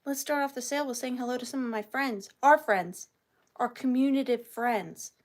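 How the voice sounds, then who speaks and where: A woman's voice: fairly high pitch, normal speed. A young woman from Georgia, hosting a live online vintage sale and greeting viewers by name in a bubbly, playful way.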